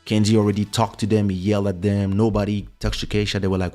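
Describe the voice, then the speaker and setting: A man hosting a podcast, telling a story in a casual way and acting out what people said with big jumps in pitch. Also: quick pace, faint music behind. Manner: animated, acts out quoted speech with big pitch jumps. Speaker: podcast host. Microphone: studio microphone.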